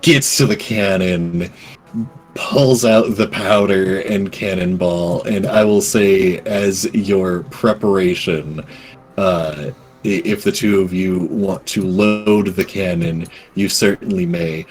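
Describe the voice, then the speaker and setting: A man narrating as game master of a tabletop game, casual and halting, with many fillers. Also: deep voice, steady tone, a little mellow, faint music behind.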